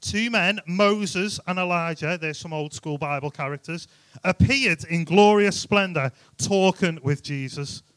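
A man's voice: high voice, a little slow, a bit bright, clean tone, no room sound. A man giving an informal, jokey youth sermon, full of rhetorical questions. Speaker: youth speaker.

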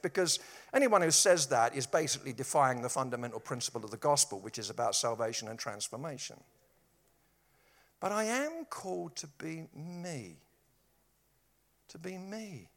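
A man's voice: on the high side, sing-song, moderate pace, pushed and bright. A man from East London with a local accent, preaching a sermon with humorous storytelling and wry jabs. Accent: East London English. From East London, England.

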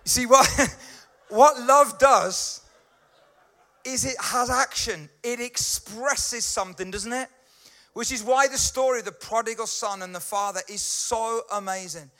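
Man, pastor, conversational sermon, keeps checking in with listeners, bright tone. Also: very high voice, unhurried.

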